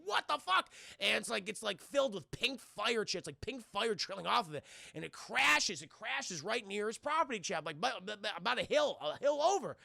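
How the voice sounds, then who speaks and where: Man, casual film recap for stream chat, profane, acts out characters, gravelly, dry close sound. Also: high voice, no echo. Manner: profane and animated, acting out characters in quick voices.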